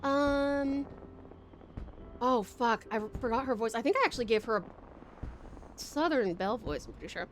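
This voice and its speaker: A woman's voice: fairly high pitch, animated, moderate pace, pauses often, faint music behind. A woman with an Australian accent, chatting casually with viewers while she plays a game on a live stream, rambling, swearing and laughing often. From Tasmania, Australia.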